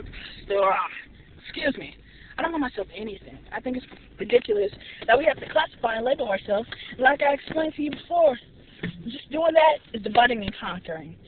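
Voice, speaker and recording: Brash high-voiced woman ranting on a bus. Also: distant mic. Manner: brash, emphatic, swears freely. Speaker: vlogger. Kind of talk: profane vlog rant. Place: on a moving bus. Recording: tinny phone audio with vehicle noise.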